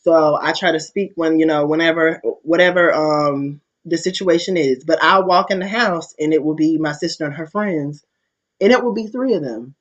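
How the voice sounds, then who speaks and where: A man's voice: on the high side, normal speed, fairly bright tone. A man talking casually to his viewers in a candid, profane, storytelling way. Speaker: vlogger. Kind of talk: casual opinion monologue. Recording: dull lo-fi recording.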